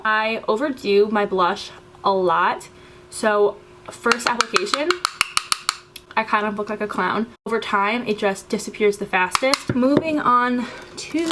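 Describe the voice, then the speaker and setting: A young woman beauty vlogger with a medium-pitched voice talks through her makeup routine step by step in a tutorial voice-over. She's casual and chatty with frequent fillers, and there's a little hiss or hum.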